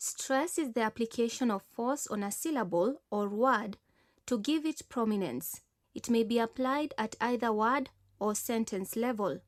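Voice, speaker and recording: Clear, high-voiced woman narrating a lesson. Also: no room sound, clean studio sound. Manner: measured, instructional.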